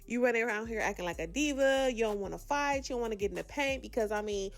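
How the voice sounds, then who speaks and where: Sassy gravelly-voiced woman recap host. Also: on the high side, expressive, fast talker. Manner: sassy, slangy, dramatic asides. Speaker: reality show recap host. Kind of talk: casual reality TV recap commentary.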